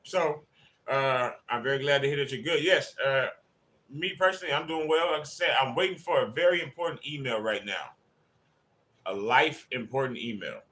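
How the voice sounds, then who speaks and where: A man's voice: mid-range voice, moderate pace, pushed and bright. A man hosting a casual fan livestream, chatting and greeting viewers by name as they join. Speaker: livestream host.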